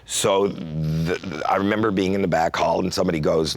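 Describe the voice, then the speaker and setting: A man in his sixties from Canada, a comedian telling a story in an interview and acting out quotes with sudden jumps in pitch. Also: fairly even intonation, normal speed, dry recording. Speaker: comedian guest.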